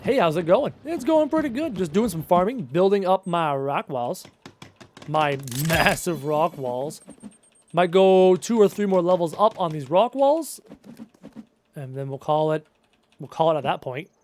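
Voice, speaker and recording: A man in his thirties hosting a live gaming stream, reading out viewer comments and answering them in a relaxed, chatty way. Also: high-pitched, normal speed, slight background noise. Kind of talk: casual live-stream chat while playing.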